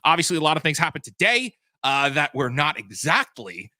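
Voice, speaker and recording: A man's voice: a little high, very animated, brisk, sharp tone, dry recording. A man hosting a livestream post-show as game master, chatting loosely and correcting himself as he answers viewer questions.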